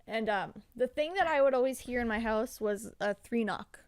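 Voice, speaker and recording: A woman's voice: fairly high pitch, normal speed, clean tone, no echo. A young adult woman, a podcast guest, telling a story in a rambling, profane way with lots of "like" fillers. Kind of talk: casual storytelling.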